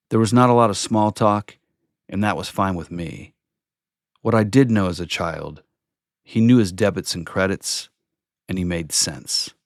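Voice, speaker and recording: A man reads his own poem in a very deep voice with a gravelly edge. He takes it slowly and calmly, with a measured, contemplative delivery. The sound is dry and close, with no room around it. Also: no room sound. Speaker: poet reading his own work. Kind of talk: slow reflective poetry reading.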